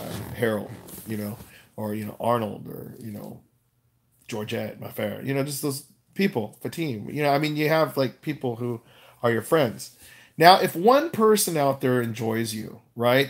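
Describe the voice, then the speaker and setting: A Korean man talks casually to viewers on his livestream. He rambles through his points with plenty of fillers and restarts, and laughs at his own jokes. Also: medium pitch. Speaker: YouTuber hosting a livestream. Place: Los Angeles.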